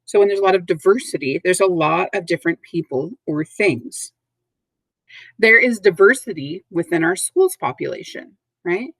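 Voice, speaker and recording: Woman teacher, lowish voice, dry close sound, patient and clear, classroom video lesson. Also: animated, no echo, poor audio. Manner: slow, clear, encouraging teacher talk with call-and-response. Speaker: third grade teacher. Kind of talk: recorded vocabulary lesson for children.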